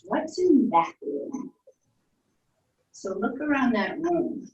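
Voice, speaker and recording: A woman leading children through a guided imagination story, in a soft, playful storytelling way with little sound effects. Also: on the high side, animated, slow pace, highs cut off. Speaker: instructor leading a guided visualization. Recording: echoey room, distant from mic.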